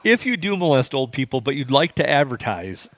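A man's voice: medium pitch, very animated, brisk, fairly bright tone, dry recording. A man co-hosting a podcast, making dry wisecracks in casual chat. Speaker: podcast co-host.

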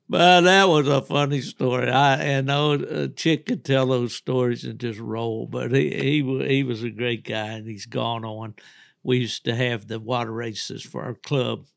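An older man with a gravelly, creaky voice spins folksy, rambling stories as a podcast host. He talks in a relaxed, easygoing way and chuckles often. The sound is dry and close, with little room echo. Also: mid-range voice, unhurried. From Southern West Virginia. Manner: folksy, rambling storyteller who laughs often. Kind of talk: casual storytelling chat.

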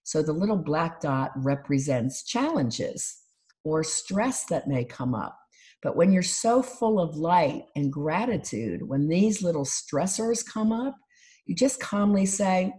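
A woman life coach giving a calm, instructive talk on gratitude and mindfulness, listing things one by one. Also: deep voice, slow. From United States.

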